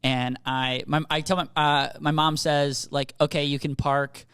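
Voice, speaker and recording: A man's voice: on the high side, unhurried, clean tone, no echo, clean studio sound. A young man from Minneapolis, co-hosting a comedy podcast, telling a long rambling story with swearing and acted-out dialogue. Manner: rambling, animated, swearing, acts out quoted people. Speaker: podcast co-host.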